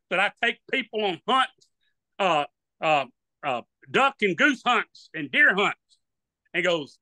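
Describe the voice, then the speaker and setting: High bright-voiced Louisiana man telling stories. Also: big pitch swings, slow pace, long pauses, no room sound. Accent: Southern US, Louisiana. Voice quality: hard of hearing. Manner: folksy rambling storyteller, acts out voices. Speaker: duck hunting guide. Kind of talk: storytelling in an interview.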